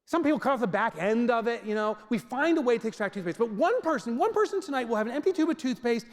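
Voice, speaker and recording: A man's voice: very high voice, quick pace. A man giving a comedic motivational talk to a live audience, telling stories and acting out scenes. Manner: animated storytelling, acts out scenes. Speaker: keynote speaker. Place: large venue with audience. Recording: reverberant hall.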